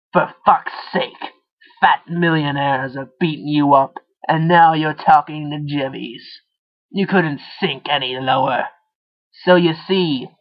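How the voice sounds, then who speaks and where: A man's voice: fairly high pitch, lo-fi sound. A man voicing a menacing male inner voice that taunts and threatens the hero.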